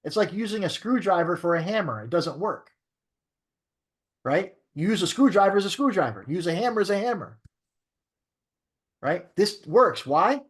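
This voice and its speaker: A man's voice: high-pitched, animated, moderate pace, pauses often. A man who is a real estate broker teaching a training class in a coaching way, often checking in with "right?".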